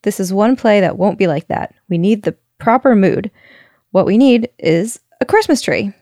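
Lady reading as a mopey worried little boy, wailing, gravelly voice, dry sound. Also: medium pitch, animated, moderate pace, warm tone, no echo, lightly acted. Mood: glum. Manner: wailing, self-doubting. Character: gloomy worried young boy.

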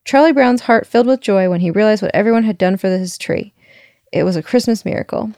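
Lively woman storyteller reading a picture book; gravelly, dry close sound. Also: medium pitch, brisk, dry recording. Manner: lively, chuckles as she reads.

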